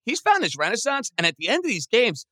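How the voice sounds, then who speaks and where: A man hosting a sports podcast in casual, excitable talk. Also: fast, no room sound. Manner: excitable, chatty, pitch jumps when animated.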